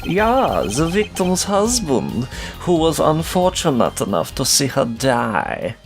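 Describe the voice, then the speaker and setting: Guy doing a cocky german prosecutor dude, higher voice, clipped and formal, bouncy. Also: very animated, slow pace, soft background music, heavily acted. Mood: smug. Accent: put-on German. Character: smug young male prosecutor, German accent.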